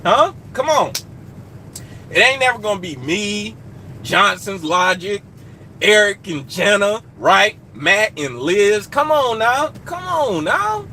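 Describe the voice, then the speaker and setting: A young man with a high-pitched voice streams live from his truck cab, chatting casually, joking with viewers and hollering shout-outs into a phone. There's a little hiss or hum in the audio.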